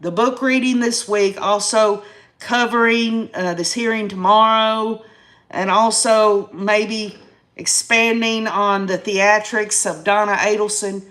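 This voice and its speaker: A woman's voice: medium pitch, steady tone, slow pace, fairly bright tone. A woman in her fifties from Tennessee with a Southern accent, hosting a casual live stream and ranting to her viewers in folksy country phrasing. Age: 50s. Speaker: YouTube live-stream host.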